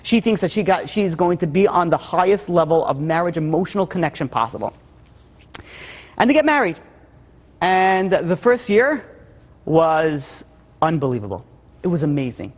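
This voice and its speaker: Male rabbi telling a story, super casual, lots of likes, kinda high voice, hall echo. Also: sing-song, moderate pace, long pauses. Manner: casual, lots of "like" and "you know". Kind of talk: sermon storytelling. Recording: long hall reverb.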